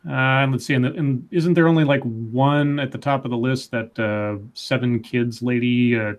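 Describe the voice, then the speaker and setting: A man's voice: medium pitch, fairly even intonation, normal speed. A man co-hosting a podcast, reading news stories aloud with wry asides. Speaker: podcast co-host. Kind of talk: casual news banter and reading.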